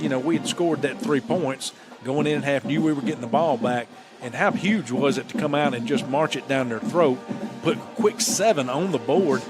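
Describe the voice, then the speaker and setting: A man commenting on a football game from the booth in a loose, reflective, conversational way. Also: mid-range voice. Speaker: broadcast color commentator.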